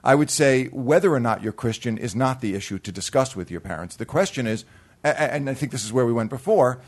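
A man's voice: mid-range voice, expressive, fairly quick. A man on a casual talk show, speaking bluntly and emphatically with profanity. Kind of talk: casual chat.

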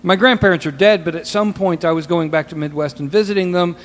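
A man's voice: high-pitched, quick pace, in a large hall, slight background noise. A man co-hosting a podcast, chatting casually in a profane, rambling way with stammering restarts. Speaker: podcast co-host.

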